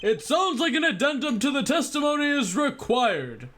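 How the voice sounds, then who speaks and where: A reader voicing a formal, measured courtroom judge in a game. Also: high-pitched, very animated, fairly bright tone, a little hiss or hum.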